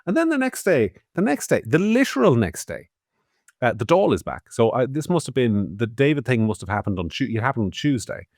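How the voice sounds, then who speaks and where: A man's voice: medium pitch, very animated, fairly quick, no room sound, clean studio sound. An Irish man co-hosting a podcast, giving opinionated political commentary in a sardonic, swearing tone. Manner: sardonic, swearing, swings loud and soft. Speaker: podcast co-host.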